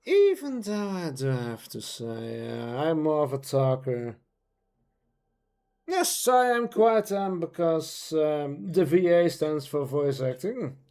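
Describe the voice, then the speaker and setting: A man's voice: fairly high pitch, sing-song, slow, darkish tone. A man chatting casually on a live stream, rambling playfully with lots of fillers as he talks about his voice-acting hobby.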